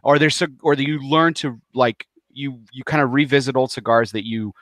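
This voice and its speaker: A man's voice: medium pitch, normal speed, a bit bright, no echo, studio quality. A man hosting a podcast, chatting casually about cigars with a rambling, restarting manner. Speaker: podcast host. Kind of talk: casual chat.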